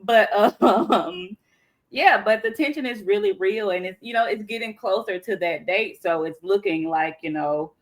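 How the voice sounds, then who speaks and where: A woman's voice: medium pitch, a little slow. A woman with a Southern US accent co-hosting a podcast, chatting in a casual, colloquial way and often breaking off mid-thought. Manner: chatty, colloquial, self-interrupting. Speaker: podcast co-host.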